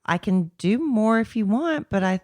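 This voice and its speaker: Middle-aged woman host, chatty and insistent, lively pitch, dry close mic. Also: moderate pace, no room sound. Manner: animated storyteller, chatty and insistent. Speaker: podcast host. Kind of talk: casual chat.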